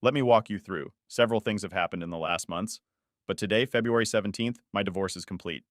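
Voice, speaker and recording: A man narrating a personal story in the first person with a steady, even reading. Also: on the low side, quick pace, no room sound, studio quality.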